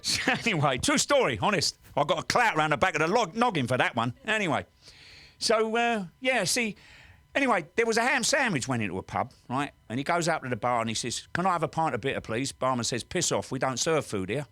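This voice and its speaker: A man's voice: fairly high pitch, sing-song, brisk, sharp tone, dry recording. An English man telling rambling, cheeky pub stories and jokes, full of "right?" and "he said". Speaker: guest storyteller.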